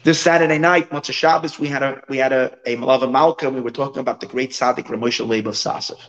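A man, a rabbi, giving a sermon through expressive storytelling. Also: mid-range voice, quick pace, lo-fi sound, a little hiss or hum.

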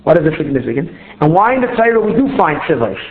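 A man's voice: fairly high pitch, very animated, fast, slight background noise. A man teaching a religious text step by step, often asking himself questions and repeating words as he searches for the next one. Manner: explains step by step, asks himself rhetorical questions. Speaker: Torah teacher. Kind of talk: text study lecture. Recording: tinny phone-line sound in a roomy space.

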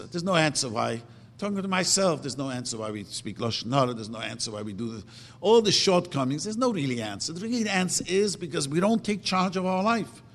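A man preaching a sermon emphatically, asking rhetorical questions and slowly chanting verses. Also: a little high, vocal fry, a bit bright. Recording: long reverb of a hall.

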